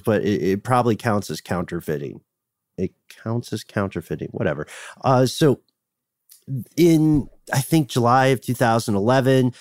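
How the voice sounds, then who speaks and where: A podcast co-host chats casually, joking around, animated and quick to laugh. His medium-pitched voice has studio quality with no echo.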